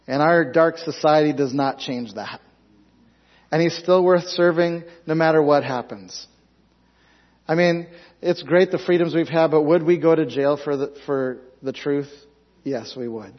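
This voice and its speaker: A man preaching a sermon, reading scripture aloud and pressing the congregation with emphatic rhetorical questions. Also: fairly high pitch. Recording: dull lo-fi sound.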